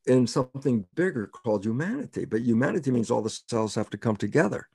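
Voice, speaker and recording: A man's voice: mid-range voice, sing-song, fast, gravelly, mellow, breathy edge, dry recording, studio quality. An older man being interviewed as a scientist, explaining in an emphatic way, repeating key words and quoting himself.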